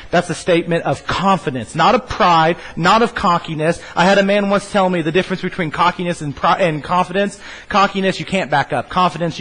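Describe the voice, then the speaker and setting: A pastor preaching a sermon, repeating a scripture line slowly and emphatically, with frequent restarts. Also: male voice, a little high, a bit bright, big-room sound, low-quality recording. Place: church stage.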